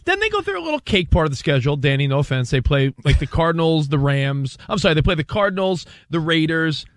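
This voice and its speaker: A man co-hosting a sports talk show, excitedly walking through a team's schedule in casual debate. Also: fairly high pitch, quick pace, dry recording, studio quality.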